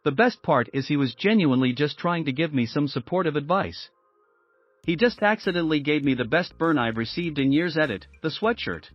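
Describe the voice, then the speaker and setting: A man reading out story posts in a steady, even narration. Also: on the high side, fairly quick, no room sound. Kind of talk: scripted narration of reader posts. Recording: dull lo-fi sound with faint music.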